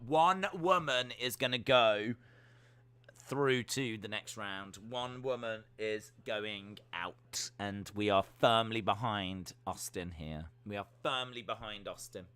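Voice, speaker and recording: Bright-voiced man rambling on a stream. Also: mid-range voice, clear, resonant tone. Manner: rambling, playful, thinking aloud. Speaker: stream host. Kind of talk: live watch-along chat.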